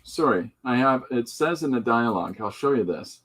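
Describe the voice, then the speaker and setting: Rambling husky-voiced man. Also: medium pitch, expressive, normal speed, fairly bright tone. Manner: rambling, joking, with many fillers and asides. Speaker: comic artist and podcast host. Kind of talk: casual rambling chat while showing artwork.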